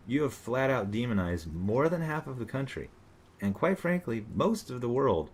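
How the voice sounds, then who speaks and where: A man's voice: on the low side, slight background noise. A man giving a casual, rambling commentary monologue in a sarcastic tone, with frequent fillers and restarts. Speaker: commentator reacting to online posts.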